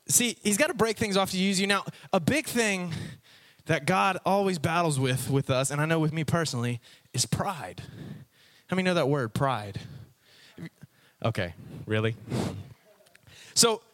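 A young adult man, a youth pastor, giving a casual sermon, telling stories animatedly and acting out voices with frequent laughs. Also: a little high. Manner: animated storyteller, acts out voices, laughs often.

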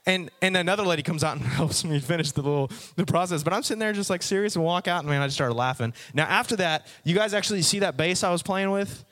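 Higher-voiced young preacher telling a story. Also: male voice, quick pace, hardly any pauses. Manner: animated storytelling, addresses the audience. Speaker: youth preacher. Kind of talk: sermon testimony.

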